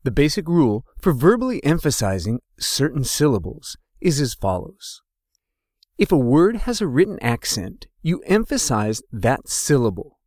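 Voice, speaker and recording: A man narrating a scripted language lesson, slowly and deliberately sounding out each example word. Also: medium pitch, sing-song, a little mellow, no echo, clean studio sound. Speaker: language teacher.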